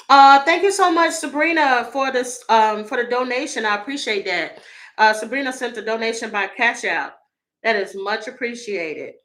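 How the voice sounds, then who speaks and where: Woman tarot reader, livestream host, bright edgy tone, blunt, salty, laughs a lot. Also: a little high, poor audio. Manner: blunt, profane and laughing, talking to viewers. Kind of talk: casual livestream chat.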